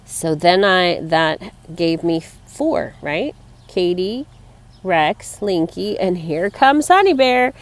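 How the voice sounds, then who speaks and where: A woman's voice: lowish voice, animated, takes it slowly. A woman talking casually to her viewers in a personal vlog, chatty and rambling, fond and tender as she talks about her pets. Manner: chatty and rambling, laughs between thoughts. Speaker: vlogger.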